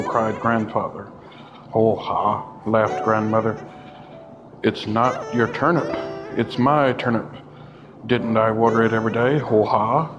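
A man softly reading a children's story in a whispered role-play style, adding silly refrains. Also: fairly low pitch, low-quality recording. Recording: music playing behind.

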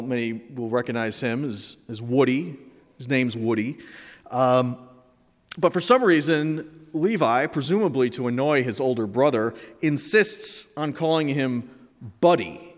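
A man's voice: medium pitch, unhurried. Candid man telling a story in a hall. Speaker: speaker. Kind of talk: personal reflective talk. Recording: echoey hall.

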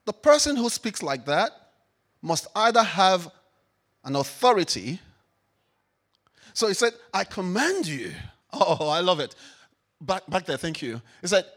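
A man preaching a sermon as pastor, emphatic, swinging between loud declarations and quiet reflection. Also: high voice, expressive, normal speed.

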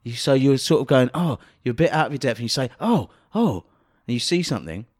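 A man's voice: mid-range voice, very fast. A man co-hosting a comedy podcast, bantering playfully with lots of swings in his delivery. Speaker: podcast co-host. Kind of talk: comedic casual chat.

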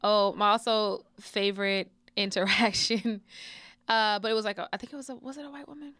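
Chatty woman rambling through stories, clear smooth voice, dry close sound. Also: medium pitch, steady tone, a little fast, a bit bright, no room sound. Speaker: podcast co-host. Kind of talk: casual chat.

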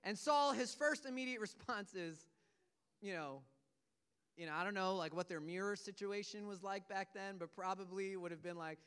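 A man's voice: high voice, normal speed, a bit bright, clear, resonant tone. A man preaching a sermon, retelling a scripture story in earnest, casual storytelling words. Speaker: pastor.

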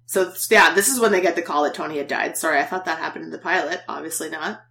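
A woman's voice: low voice, fast talker, gravelly, pushed and bright. A woman podcast host casually recapping a TV episode, chatty and laughing often.

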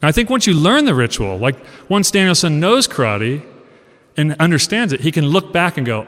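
A college professor in his forties giving an animated, conversational talk, asking his audience questions and acting out lines. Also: a little high, moderate pace. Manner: animated storyteller, acts out quoted lines. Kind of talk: casual lecture talk. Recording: long reverb of a hall.

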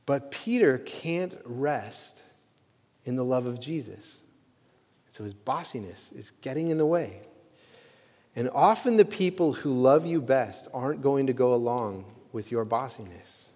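A man's voice: mid-range voice, animated, measured pace, darkish tone. A man preaching a sermon as pastor, earnest and conversational, with frequent fillers like "you know" and "uh.". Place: church sanctuary. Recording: long hall reverb.

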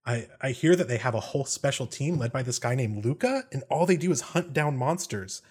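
A man's voice: mid-range voice, sing-song, brisk, darkish tone, slightly rough. A man doing a rambling nervous monster keeper. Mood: fretful. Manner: rambling, talks on and on.

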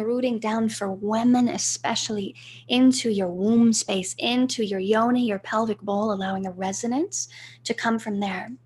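A woman speaking as a podcast guest in a flowing, searching way, with a slight vocal fry. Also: a little high, a little mellow. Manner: flowing, spiritual, searching for words. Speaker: guest, voice coach. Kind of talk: podcast interview.

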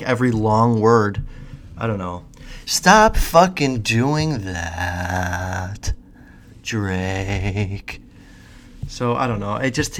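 A man's voice: mid-range voice, a bit bright. A man hosting a casual podcast, talking bluntly and sarcastically and swearing often. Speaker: podcast host.

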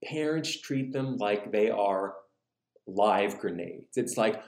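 A man's voice: mid-range voice, expressive, normal speed, a little mellow. A man preaching a casual, humorous sermon, acting out little scenes as he retells a parable. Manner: conversational, jokey, acts out scenes. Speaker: pastor. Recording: roomy echo.

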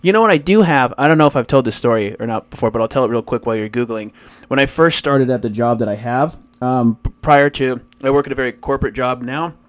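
A man co-hosting a podcast, rambling through casual stories and swearing freely. He talks quickly in bursts and breaks into laughter often. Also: medium pitch. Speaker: podcast co-host. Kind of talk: casual podcast chat and anecdote.

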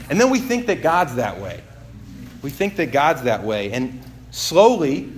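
A man's voice: fairly high pitch, a little hiss or hum. Candid man preaching a casual sermon. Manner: candid, self-deprecating, rambling with many fillers. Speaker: pastor. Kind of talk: conversational sermon.

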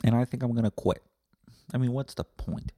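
A man's voice: mid-range voice, fairly quick, warm tone, slightly rough, no echo. A man hosting a podcast, ranting with sarcasm, swearing often and rambling. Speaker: podcast host. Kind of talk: comedic profane rant.

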